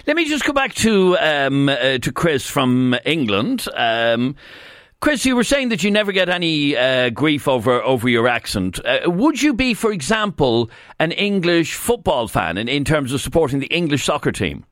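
An Irish man hosting a live radio phone-in, chatting with callers in a relaxed, conversational way. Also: on the high side, moderate pace, dry recording, clean studio sound. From Ireland. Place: radio studio. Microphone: studio microphone.

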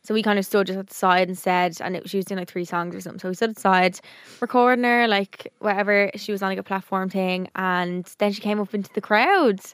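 Fast-talking young woman. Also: mid-range voice, clean tone, no room sound, studio quality. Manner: animated storytelling, swearing, quick asides. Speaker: podcast co-host. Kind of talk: casual chat.

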